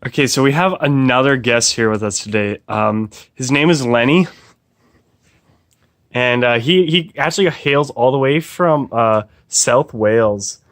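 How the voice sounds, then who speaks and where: A man with a middle-pitched voice co-hosts a comedy gaming video. He introduces guests and asks questions, stammering over his words with a mock-earnest tone. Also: unhurried, a bit bright. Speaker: co-host.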